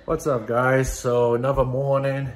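This middle-aged dad has a medium-pitched, level voice and a measured pace as he chats casually to camera in a family vlog at home. He rambles, packs in lots of "uh" and "you know," and calls his viewers "guys."

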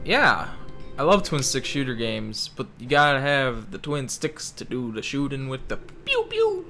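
A young man who hosts a gaming channel rambles through casual gameplay commentary, mockingly reading game text aloud and swearing freely in a joking, put-on Italian-ish accent. His medium-pitched voice is bright and forceful at a normal speed, with soft music in the background.

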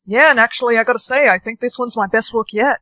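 A woman playing a playful young man, a soft-spoken soulmate who loves history, in a TikTok POV skit. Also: fairly high pitch, fast, no echo. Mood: teasing. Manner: soft-spoken, teasing, apologetic.

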